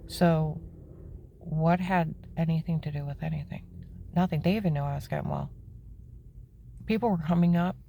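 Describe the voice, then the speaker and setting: Woman telling her own story, kinda low voice, gets worked up and goes way up high, keeps saying okay?. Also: normal speed, vocal fry, long pauses, warm tone, slight background noise. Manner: emphatic and indignant, voice climbing high when upset; plain-spoken, with frequent "okay?" asides. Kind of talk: personal testimony, candid storytelling.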